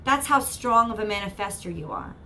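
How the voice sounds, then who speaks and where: A woman's voice: mid-range voice, expressive, fairly quick, bright, forceful tone, slight background noise. Earnest woman giving a tarot reading. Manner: earnest, repetitive, encouraging. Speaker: tarot reader.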